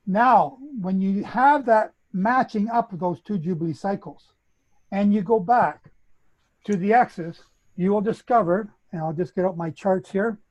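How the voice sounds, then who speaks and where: A man's voice: sits high, moderate pace, a little mellow, highs cut off. A man with a Canadian accent, methodically explaining a bible chronology as a guest speaker. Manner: methodical, lecturing.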